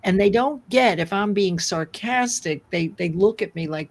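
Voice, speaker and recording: A woman's voice: medium pitch, expressive, normal speed. A woman hosting a live online talk show, speaking in a rambling, earnest way and often restarting her sentences. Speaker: host.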